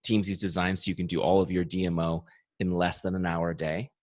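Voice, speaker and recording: A man who founded a software company, leading an upbeat training webinar. He talks with enthusiasm and repeats his key points, in his early morning voice. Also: low voice, level tone, fast talker, no echo.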